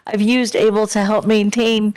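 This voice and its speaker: A woman's voice: mid-range voice, level tone, normal speed, darkish tone, smooth. A woman giving earnest, direct testimony as a disability advocate at a public hearing. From Pennsylvania.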